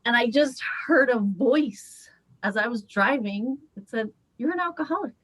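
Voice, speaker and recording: A woman's voice: on the high side, a little slow, fairly bright tone, dry recording, poor audio. A woman in a coaching group, openly sharing a personal story on a group call, laughing often as she talks. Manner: candid and open, laughs often.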